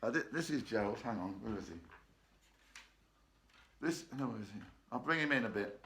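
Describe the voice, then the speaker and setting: A man's voice: medium pitch, animated, moderate pace, fairly bright tone, slight background noise. A man leading an online choir rehearsal from his bedroom, chatty and joking, laughing often. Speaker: choir leader. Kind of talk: casual online rehearsal chat. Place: bedroom at home.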